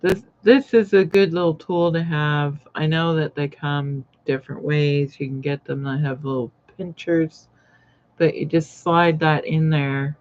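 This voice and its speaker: A woman's voice: low-pitched, steady tone, a little slow, darkish tone. A woman hosting a casual live sewing chat, rambling and greeting viewers by name as she works. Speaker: sewing channel host. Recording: dull lo-fi live-stream audio.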